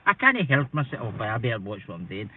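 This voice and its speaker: A fairly low, slightly rough voice talks quickly as this Scottish paranormal live streamer rambles and jokes at his own expense, congested with hay fever. He uses a computer mic, and the sound is dry, tinny and phone-like.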